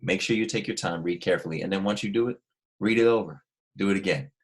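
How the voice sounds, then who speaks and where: A man teaching a recorded language lesson, explaining patiently step by step and asking his students questions. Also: low voice. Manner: slow, careful dictation with each word repeated.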